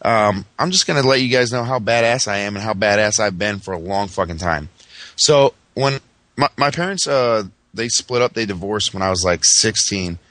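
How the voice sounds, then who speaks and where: Low-voiced guy from massachusetts, podcast host, swearing his way through a brag story. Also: expressive, moderate pace, a bit bright, no echo. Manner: profane, boastful storytelling.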